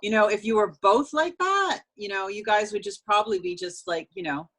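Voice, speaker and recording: A woman's voice: mid-range voice, expressive, moderate pace, fairly bright tone. A woman co-hosting a podcast, reassuring and teasing her friend in a matter-of-fact, casual way. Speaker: podcast co-host. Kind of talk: casual chat.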